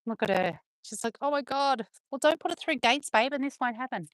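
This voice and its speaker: A woman's voice: fairly high pitch, lively intonation, brisk, no room sound. A woman vlogging outdoors on a farm, chatting playfully and teasing her dogs. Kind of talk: casual chat to camera and to her dogs.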